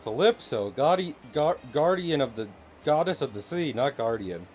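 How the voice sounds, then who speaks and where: A man's voice: a little high, animated, normal speed, darkish tone, a little hiss or hum. A man streaming while he draws, chatting casually with viewers in a playful, joking way and laughing often. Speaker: live streamer and artist. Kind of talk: casual live-stream chat while drawing.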